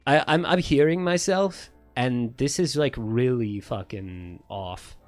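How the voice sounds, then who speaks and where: A man's voice: medium pitch, slow, darkish tone, no echo, soft background music. Congested man rambling while streaming. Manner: rambling, self-mocking, heavy swearing. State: congested, stuffy nose. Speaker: game streamer. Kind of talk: casual livestream commentary. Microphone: earphones with a streaming mic.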